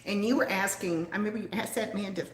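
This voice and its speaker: A woman's voice: medium pitch, fast talker, a little hiss or hum. An older woman hosting a casual live chat with viewers, giggly and chatty as she reads out their comments. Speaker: host of a lifestyle channel for mature women. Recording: echoey room.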